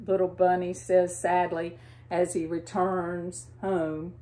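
A woman with a Southern American accent reading a storybook to children in a gentle, expressive way, asking them questions. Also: fairly low pitch, slow.

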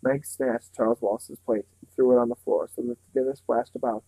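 Male reader with a mellow, dry voice, reading a novel aloud at a measured pace. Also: medium pitch, fairly even intonation, gravelly, husky, dry recording, poor audio.

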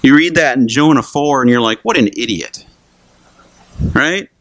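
A man's voice: mid-range voice, normal speed, fairly bright tone. A man pastor preaching a sermon in a casual conversational way, asking rhetorical questions and acting out Bible characters. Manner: acts out Bible characters in quoted voices.

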